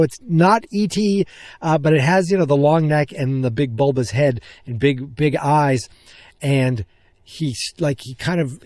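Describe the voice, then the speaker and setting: A man's voice: mid-range voice, no echo. Podcast guy gushing about a movie he just saw, rambly, mid voice, dry sound. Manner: excited, rambling retelling of scenes. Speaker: podcast host. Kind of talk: casual movie recap.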